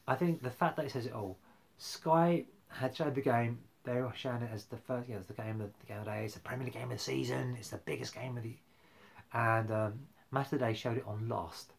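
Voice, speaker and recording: Rambling man chatting about football. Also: mid-range voice. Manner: rambling, chatty, many fillers and restarts. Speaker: football fan vlogger. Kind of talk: casual live-stream football chat.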